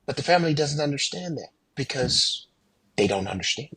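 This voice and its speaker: A man with a husky, slightly breathy voice tells stories from his flying career on a podcast. He talks animatedly, swinging his pitch up and down to play the people he quotes. The sound is close and dry. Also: expressive, a little fast, sharp tone, no room sound. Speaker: airline pilot, podcast guest. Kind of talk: casual storytelling in a podcast interview.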